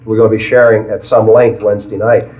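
In an echoey room with the mic at a distance, a man leads a Bible study in an earnest preaching style. His voice is lowish and dark with a level tone and brisk pace, and he often repeats phrases while searching for words.

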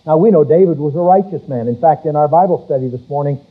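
A man preaching a sermon, reading scripture slowly and rising loud on key words. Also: on the high side. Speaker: pastor. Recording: tinny phone-like church recording.

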